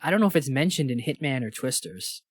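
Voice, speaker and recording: A man's voice: medium pitch, expressive, fast talker, breathy edge, no room sound, studio quality. A man co-hosting a podcast, chatting casually and sarcastically about a movie. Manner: sarcastic, mocks characters in put-on voices. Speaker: podcast co-host. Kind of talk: casual chat.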